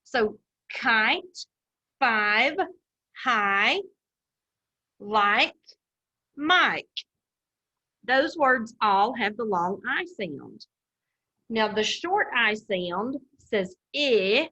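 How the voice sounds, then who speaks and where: A woman teacher leads a phonics lesson for young children at a very slow, patient pace. Her voice is bright and clear, and she draws out each sound with careful enunciation. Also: fairly high pitch, lively intonation, dull audio. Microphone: camera.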